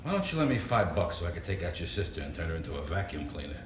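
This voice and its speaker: A man plays a scruffy, wisecracking undertaker who shoots back sarcastic jokes. His voice is low and swings lively up and down. He is recorded in an echoey room with faint noise behind him. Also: very fast.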